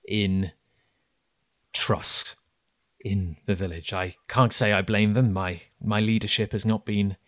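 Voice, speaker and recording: A man's voice: fairly low pitch, no echo, clean studio sound. A man voicing an anxious, apologetic male village leader who speaks formally.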